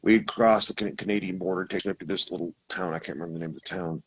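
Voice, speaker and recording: A man with a husky voice, telling his experience in a casual, rambling way, with restarts and acted-out quotes. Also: sits low, fairly even intonation, racing, low-quality recording. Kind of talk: casual storytelling.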